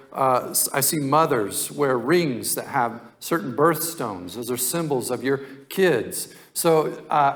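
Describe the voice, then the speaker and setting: A male pastor preaching a sermon in a conversational, folksy storytelling way. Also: medium pitch.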